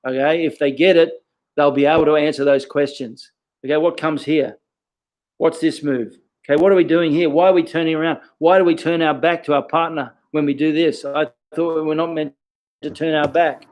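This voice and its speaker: A man's voice: on the high side, steady tone, brisk, darkish tone. A man, a karate instructor giving casual teaching advice, peppering his talk with questions and "okay".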